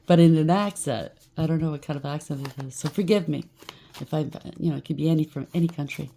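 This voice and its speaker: A woman's voice: low voice, a little fast, warm tone, slight background noise. A woman giving a rambling, chatty collective tarot reading, preaching and thinking aloud with frequent asides. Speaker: tarot reader.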